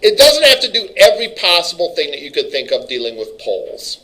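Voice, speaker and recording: A middle-aged male instructor giving a classroom lecture in a loose, chatty way. His voice is bright and forward, and he often breaks off mid-sentence to start again. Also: fairly high pitch, huge pitch swings, a little fast, poor audio. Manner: rambling, casual, self-interrupting. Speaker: college instructor.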